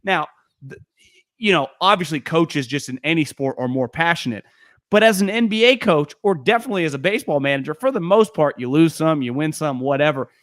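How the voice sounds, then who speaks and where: A man hosting a casual sports talk show, telling stories in an animated way with quick asides. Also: a little high, no echo, studio quality.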